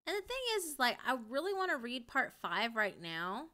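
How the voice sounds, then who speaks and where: Reacting to a story on a live stream, a young woman talks casually and emotionally, cursing often. She's very animated and a little fast with few pauses, lurching between loud outrage and quiet, dejected mumbles.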